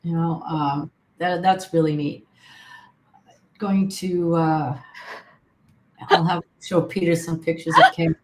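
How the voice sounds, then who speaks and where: A woman guest in a relaxed podcast conversation, answering easily and tossing in quick friendly reactions. Her voice carries a noticeable room echo. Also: fairly low pitch. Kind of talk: casual chat.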